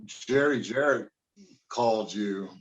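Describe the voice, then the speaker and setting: A man's voice: lowish voice, slow pace. A man who is a former pro wrestler, telling stories from his career in a casual interview, swearing freely and rambling with lots of fillers. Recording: dull lo-fi sound.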